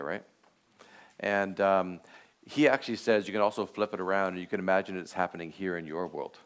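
A man's voice: deep voice, clean tone. A man lecturing a class in a conversational way, with many fillers and rhetorical questions. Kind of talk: teaching a class.

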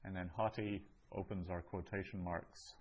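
A man's voice: low-pitched, steady tone, moderate pace, slightly rough, muffled recording. Man teaching a class, patient and explanatory. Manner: patient, explanatory, with many ums. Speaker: Greek teacher. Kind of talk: classroom lesson.

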